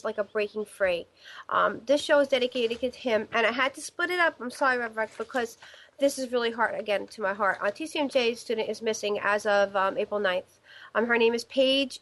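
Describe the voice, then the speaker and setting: Woman host of a live call-in show, rambling and full of fillers, voice pitched a touch high. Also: a bit bright. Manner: rambling, many fillers and restarts. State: stiff neck. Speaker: psychic medium show host.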